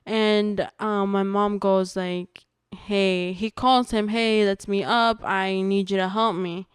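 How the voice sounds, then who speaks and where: A young woman, a podcast guest, telling a personal testimony in casual conversation, earnest and halting with restarts. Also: mid-range voice, steady tone, clean tone, no room sound, studio quality.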